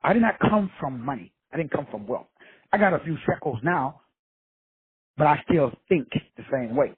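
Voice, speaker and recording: Host type: high, very raspy male voice, blunt and profane motivational talk, dry tinny phone-line sound. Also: sing-song, normal speed, dry recording. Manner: blunt, profane, streetwise preaching. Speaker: motivational speaker, show host. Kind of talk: casual motivational monologue.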